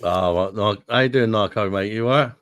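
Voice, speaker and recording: A man joins a livestream for a relaxed, chatty conversation, and he often asks questions. His voice sits fairly low, and the recording sounds dry and close, with little room. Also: fairly quick, dry recording. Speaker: stream guest. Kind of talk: casual chat.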